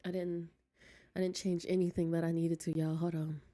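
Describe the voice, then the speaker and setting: Streaming a game from home, this woman chats casually with her viewers, laughs often, and sits close to a desk mic. Her voice is lowish and warm, with a level tone and moderate pace, and she's chatty, giggly, and talks straight to chat.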